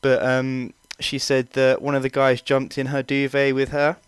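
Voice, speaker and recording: Chatty young man, very clear voice. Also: mid-range voice, completely flat delivery, normal speed, no room sound. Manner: rambling, chatty, swears freely, many fillers. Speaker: vlogger. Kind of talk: casual storytelling.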